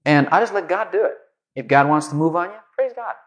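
Lively, conversational male preacher. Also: on the high side, brisk. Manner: conversational, animated storytelling, many asides. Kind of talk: sermon.

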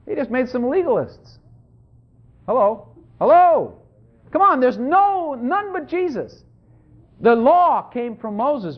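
A lively preacher swings widely in pitch while talking to the congregation in an easy, conversational way. The sound is dull and lo-fi, like an old tape. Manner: animated, conversational, repeatedly asks "Hello?". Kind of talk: sermon. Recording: dull lo-fi recording.

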